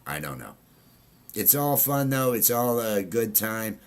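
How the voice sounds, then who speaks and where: A man's voice: lowish voice, big pitch swings, a little slow, clear, resonant tone. A man hosting a casual livestream chat, rambling with many fillers and restarts. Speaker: livestream host.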